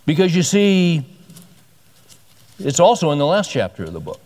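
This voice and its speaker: A man's voice: a little high, big pitch swings, moderate pace, a little mellow. A man preaching a sermon as a pastor, conversational and emphatic, often repeating himself for stress. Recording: long hall reverb.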